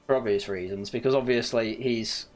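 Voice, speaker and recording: A man's voice: mid-range voice, fairly even intonation, normal speed, soft background music. Young northern English man rambling while gaming. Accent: northern English, slightly posh. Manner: rambling anecdotes with frequent laughs and self-corrections. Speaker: gaming channel host. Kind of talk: casual let's-play chat.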